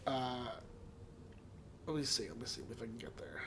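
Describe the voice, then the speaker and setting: A man co-hosting a podcast, joking and teasing his co-host in casual chat, sometimes stammering when excited. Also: mid-range voice, moderate pace, background noise.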